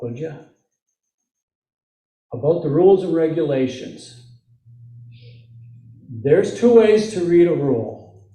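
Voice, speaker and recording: A man's voice: on the high side, warm tone. A man with a Midwestern American accent giving a conversational sermon, full of questions to the congregation and joking asides. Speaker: lay preacher. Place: church sanctuary. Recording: echoey church room, mic at a distance.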